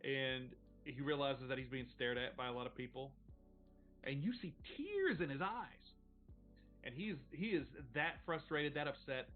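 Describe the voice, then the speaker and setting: A man's voice: medium pitch, expressive, normal speed, phone-quality sound, soft background music. A man running a tabletop game as game master, narrating casually, rambling and swearing freely.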